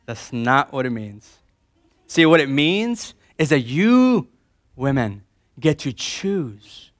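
A male pastor preaching a sermon, swinging between loud emphasis and quiet repetition and leading the congregation in call-and-response. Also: medium pitch, big pitch swings, slow, no room sound, clean studio sound.

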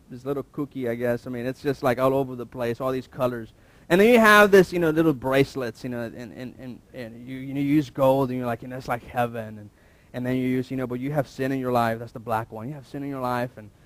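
A man in his thirties, a pastor, giving a relaxed conversational sermon, telling a personal story with fillers and restarts and posing rhetorical questions to the congregation. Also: medium pitch, dry recording. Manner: self-deprecating, asks listeners rhetorical questions.

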